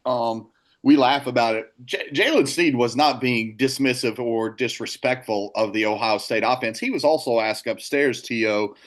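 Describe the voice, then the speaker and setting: A man, a sports reporter, chatting casually and retelling players' quotes. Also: mid-range voice.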